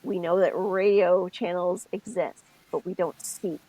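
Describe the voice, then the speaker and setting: A woman's voice: on the low side, steady tone, a little slow, dark tone, low-quality recording. A middle-aged woman co-hosting a podcast, telling stories and explaining things step by step in a casual chat. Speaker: podcast co-host.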